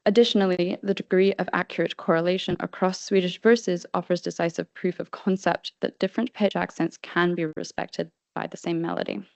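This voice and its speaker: A woman presenting a prepared academic paper in a steady, formal reading voice. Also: on the low side, brisk, gravelly, few pauses, no room sound. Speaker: conference speaker. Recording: dull dry lo-fi audio.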